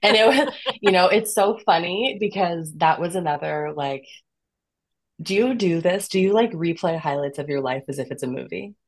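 A woman in her thirties, guesting on a podcast, tells her own story candidly in a lowish voice at normal speed. She's animated and expressive, laughing often and acting out what she said to herself.

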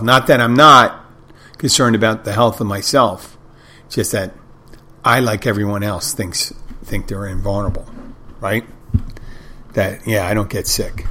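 A man's voice: on the low side, a bit bright. A middle-aged man hosting a podcast, telling wry, rambling anecdotes in a casual monologue. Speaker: podcast host.

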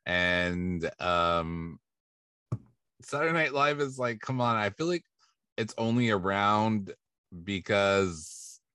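Man, podcast host, deep voice, chatty gossip recap, dry close sound. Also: slow pace, clear, resonant tone, no room sound. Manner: relaxed, chatty recapping of celebrity news. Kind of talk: casual chat.

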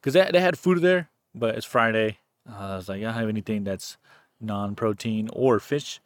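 A man co-hosting a casual podcast, telling stories in a relaxed way and laughing easily. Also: on the low side, moderate pace, no echo, clean studio sound. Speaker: podcast co-host. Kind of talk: casual chat.

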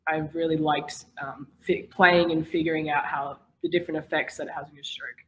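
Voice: mid-range voice, flat delivery, a little fast, slight background noise, low-quality recording. A young swimmer answering interview questions in a thoughtful, hesitant way. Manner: thoughtful, hesitant, many ums. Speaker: swimmer on a team.

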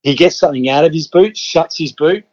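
Fairly quick and fairly high-pitched with a darkish tone, the Western Australian podcast guest in his fifties tells stories in a relaxed way, swearing freely and acting out his own reactions. The audio is muffled.

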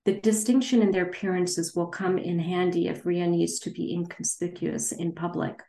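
A woman with a lowish, dark, steady voice at a moderate pace reads her novel aloud, then answers questions over a video call. Her answers are hesitant, full of fillers and restarts, and the recording has a roomy echo.

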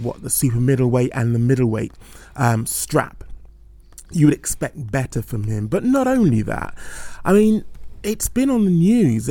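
A man's voice: mid-range voice, creaky, warm tone, no echo. A man hosting a podcast, talking earnestly with many restarts and fillers. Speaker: podcast host. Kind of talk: casual podcast chat.

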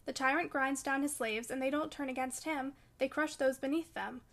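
Woman reading as a dark brooding young guy, bitter and defiant, high voice. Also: normal speed. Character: brooding, vengeful young man.

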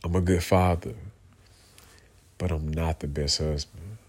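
A man speaking to his viewers in an emotional, heartfelt monologue, earnest and halting, often repeating himself and filling pauses with "you know" and "man". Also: extremely low pitch, steady tone, a little mellow, slightly rough. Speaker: vlogger, father speaking to viewers.

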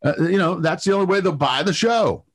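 A middle-aged man telling a lively story in an interview, full of fillers, repeated words and restarts. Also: sits high, brisk. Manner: animated anecdote-telling with many fillers and restarts. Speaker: TV producer guest.

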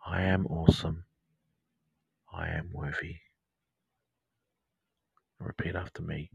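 An Australian man hosting a counselling podcast, leading a whispered guided meditation close to the mic, slow and soothing as he repeats mantras. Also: low-pitched, flat delivery, creaky, husky, dry recording, lo-fi sound.

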